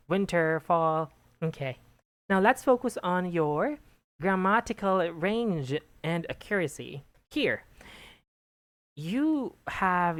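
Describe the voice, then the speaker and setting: Speaking low and patiently, a woman tutoring English goes over exam results one-on-one, encouraging her student and often pausing to ask "okay". There's no echo; the recording is close and dry with no surrounding room.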